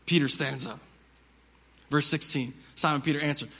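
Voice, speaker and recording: A man's voice: a little high, fairly even intonation, normal speed, long pauses, bright, forceful tone, big-room sound. A male pastor preaching a sermon in a conversational style, with lots of rhetorical questions, in a church sanctuary.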